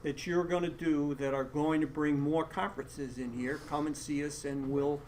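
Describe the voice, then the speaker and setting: A man's voice: a little high, steady tone, normal speed, a little mellow, a little hiss or hum, low-quality recording. A man at a town board meeting who stumbles and repeats himself while summing up the point. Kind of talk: municipal board meeting discussion.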